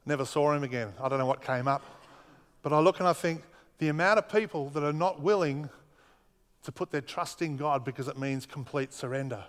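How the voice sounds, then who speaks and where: A man's voice: a little high, brisk. A man preaching a sermon as pastor, earnest, driving home points with repetition. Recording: long reverb of a hall.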